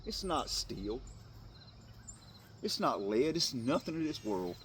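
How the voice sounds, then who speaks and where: A man giving an impassioned, tearful Christian motivational talk to other men, swinging from hushed tones to loud bursts. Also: medium pitch, sing-song, slow, slight background noise. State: tearful at times. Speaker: faith speaker addressing men.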